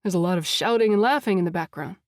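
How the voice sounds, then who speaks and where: A woman's voice: on the low side, fast, dry recording, clean studio sound, lightly acted. Een vrouw die een zelfverzekerde rijke man speelt. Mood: assured, flirty. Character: confident wealthy man with a deep voice.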